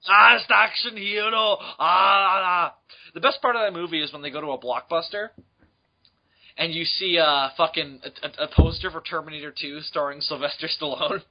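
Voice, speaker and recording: A man's voice: on the high side, sharp tone. A man co-hosting a podcast over a voice call, joking and swearing in casual comedic chat. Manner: joking, swearing, quick laughs. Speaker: podcast co-host.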